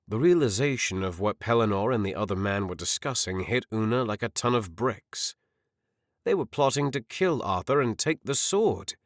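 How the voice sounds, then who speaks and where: A man narrating a fantasy audiobook with expressive storytelling. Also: lowish voice, no echo, studio quality.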